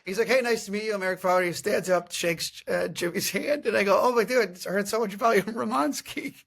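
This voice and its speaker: Man, high voice, casual comedic storyteller, laughing, animated. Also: fast, gravelly. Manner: animated, laughs through stories. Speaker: podcast host.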